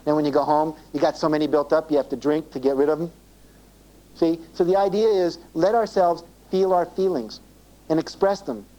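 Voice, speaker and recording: A man speaks to a seminar audience in a mellow, warm voice, stopping often to check that they follow. He acts out both sides of everyday conversations. The sound comes from an old 1980s cassette tape. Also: fairly high pitch, normal speed, rough recording. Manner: acts out dialogue in quoted voices, asks the audience questions. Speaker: self-esteem seminar speaker. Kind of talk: live seminar talk to an audience.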